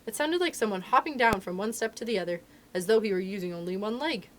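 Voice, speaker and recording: A woman reading a children's novel aloud for a library storytime, with expressive, animated storytelling. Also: mid-range voice, fast talker.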